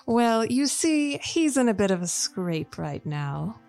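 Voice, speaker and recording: A woman player speaking in character during a tabletop game, playful and flattering. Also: a little high, slow, creaky, faint music behind.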